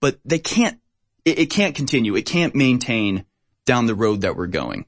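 A male podcast host in casual conversation, emphatic and given to repeating himself. His voice sits at a middle pitch and he talks at an everyday pace. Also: very animated, normal speed. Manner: emphatic, repetitive. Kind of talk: casual political chat.

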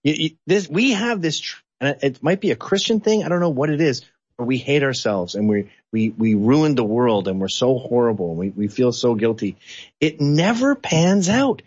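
A man from Canada giving blunt, animated political opinions as an interview guest. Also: moderate pace, slightly rough, dry recording, lo-fi sound. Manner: blunt, animated, sweeping pitch swings.

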